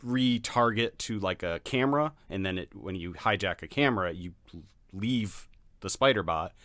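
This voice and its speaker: Deep-voiced blunt man. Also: normal speed, a bit bright, no room sound, clean studio sound. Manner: blunt, laughs often. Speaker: podcast co-host. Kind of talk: casual chat.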